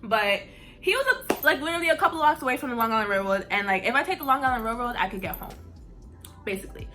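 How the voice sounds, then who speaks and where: A lively young woman from New York tells a story in a high, bright voice that swings up and down a lot. She swears freely and fills her talk with "like", over faint background music. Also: quick pace. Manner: animated, profane, heavy use of "like". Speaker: vlogger. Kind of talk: casual storytime.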